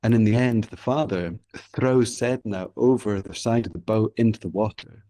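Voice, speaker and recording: A man's voice: on the low side, moderate pace, mellow. A man from Scotland with a Scottish accent, telling a traditional tale in an interview, vivid and rhythmic, repeating phrases for effect. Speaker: storyteller guest. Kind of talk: oral storytelling in an interview.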